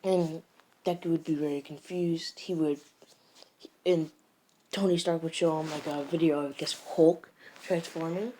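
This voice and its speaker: A woman's voice: sits low, fairly even intonation, normal speed, pauses often, dark tone, a little hiss or hum. A woman improvising a casual story, rambling and hesitant with many restarts. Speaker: fan storyteller.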